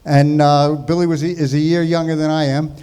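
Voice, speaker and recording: A man's voice: on the high side, flat delivery, a little fast, warm tone, clear, resonant tone. A man in his sixties from New York telling jokes and stories in a chatty stand-up tribute set. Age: 60s. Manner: jokey, chatty storytelling. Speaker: comedian.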